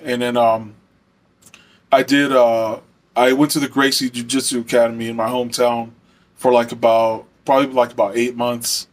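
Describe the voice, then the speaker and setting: A young man from Arizona telling a story in a casual, rambling way, full of fillers and frequent swearing. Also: medium pitch.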